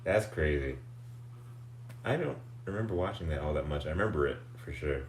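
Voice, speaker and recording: Low-voiced male streamer, lively and jokey, echoey room with faint hum. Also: brisk. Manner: goofy, animated, laughs often. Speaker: livestream host. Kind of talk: casual chat.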